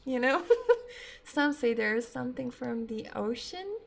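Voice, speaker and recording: A woman's voice: on the high side, lively intonation, moderate pace, creaky. A young woman whose first language is not English, chatting casually and swearing freely as a game streamer. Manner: chatty, swears often, laughs easily. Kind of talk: casual live-stream chat.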